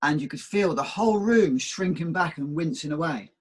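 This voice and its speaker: A man's voice: a little high, expressive, normal speed, husky. A man co-hosting a podcast, reflective and storytelling, often repeating his words as he thinks. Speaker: co-host. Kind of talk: casual spiritual chat.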